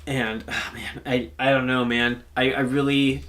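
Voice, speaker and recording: A man co-hosting a casual sports podcast, thinking out loud in a rambling, halting way. His voice sits at a medium pitch, and he fills his pauses with "um" and "man.". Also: little pitch movement. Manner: rambling, many fillers and restarts. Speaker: podcast co-host.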